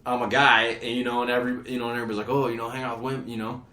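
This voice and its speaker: A man's voice: mid-range voice, flat delivery, very fast, sharp tone. A young man in casual podcast chat, rambling and saying "dude" a lot. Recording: roomy echo.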